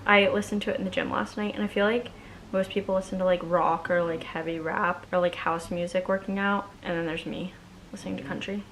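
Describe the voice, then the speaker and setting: A woman's voice: lowish voice, steady tone, a little fast, a bit bright, a little hiss or hum. Bubbly young woman chatting at home. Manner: chatty, bubbly, heavy use of "like". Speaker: vlogger. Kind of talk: casual chat while doing her nails.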